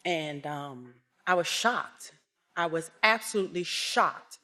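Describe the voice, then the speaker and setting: A woman giving a personal testimony at a religious service, telling the story with emotion and rising to loud outbursts. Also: low voice, slow.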